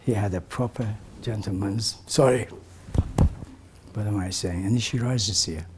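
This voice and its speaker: An older man recalling memories for a gathering in a slow, reflective way, his voice often sinking to a soft, breathy near-whisper. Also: on the low side, noisy background. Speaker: community elder sharing memories. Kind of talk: reminiscing talk to a gathering.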